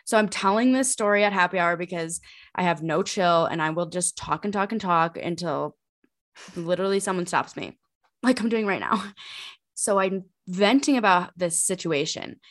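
Young woman podcast co-host, rambling and animated, lots of fillers. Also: lowish voice, moderate pace. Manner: rambling, animated storytelling with many fillers and laughs. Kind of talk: casual chat.

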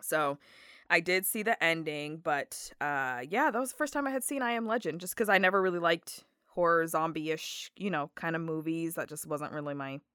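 A woman guest on a podcast, chatting casually and telling stories with animated, acted-out quotes. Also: low-pitched, normal speed, smooth, no room sound, clean studio sound. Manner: animated storyteller, acts out quotes. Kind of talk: casual chat.

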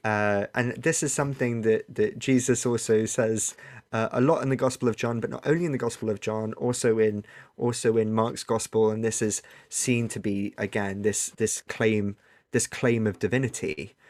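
A man's voice: lowish voice, steady tone, normal speed, a little mellow. A man talking casually and earnestly, thinking aloud as he explains a point to an interviewer. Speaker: guest discussing scripture.

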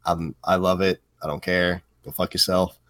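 Young man, very low voice, podcast co-host, rambling, filler words, dry sound. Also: level tone, normal speed, fairly bright tone, no room sound. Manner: rambling, frequent fillers, blunt swearing. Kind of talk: casual podcast chat.

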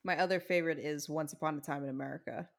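A woman's voice: sits low, steady tone, quick pace, vocal fry. A young adult woman co-hosting a casual chat, explaining things at length in a blunt way and swearing casually.

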